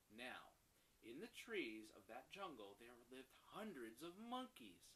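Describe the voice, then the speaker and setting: A father reading a picture book aloud to his young daughter, animated and stopping to explain words. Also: medium pitch, a little slow, poor audio.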